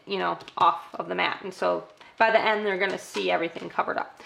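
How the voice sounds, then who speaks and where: A woman's voice: medium pitch, a little fast, vocal fry, a bit bright, slight background noise. A middle-aged woman teaching parents a toddler activity, often breaking into exaggerated sing-song child-directed talk. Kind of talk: instructional demo for parents.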